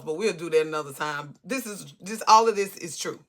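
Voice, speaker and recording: Speaking to camera, a woman tells a personal story in a loose, rambling way, swearing freely and often restarting her sentences. Her voice is fairly low, bright and forceful, at a normal speed with few pauses.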